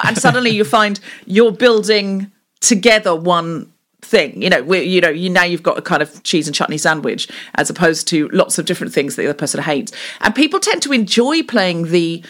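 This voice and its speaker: Chatty lower-voiced woman comedian. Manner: animated, slips into quick voiced mini-scenes while explaining; chatty with frequent fillers and restarts. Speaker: podcast guest, comedian and improv teacher. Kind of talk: conversational interview.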